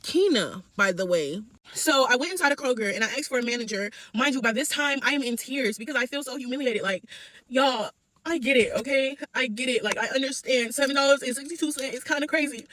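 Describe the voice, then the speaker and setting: A woman's voice: high voice, quick pace, fairly bright tone, no echo, low-quality recording. A woman who works as a delivery driver, venting to camera in an upset, swearing rant and calling her viewers y'all. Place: Georgia.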